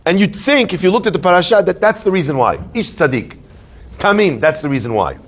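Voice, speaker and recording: A man, a rabbi, giving a Torah class to a live audience, animated and joking, telling stories and asking questions. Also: high-pitched, brisk. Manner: animated, joking storyteller who asks questions.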